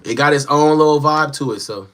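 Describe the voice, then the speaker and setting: Speaking fairly quickly in a slightly bright voice on the high side, a young guy reads comments during his live stream. His easygoing, slang-heavy delivery is aimed right at viewers, captured on a phone in a small room at home he set up for streaming.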